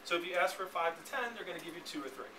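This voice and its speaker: A man leads a sales training class, rattling along at a fast clip in a slightly high voice and constantly checking that the room is with him. He was picked up by a camera well across an echoey room. A clear layer of background noise runs under him. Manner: brisk, keeps checking in with the room. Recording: echoey, distant, noisy room recording.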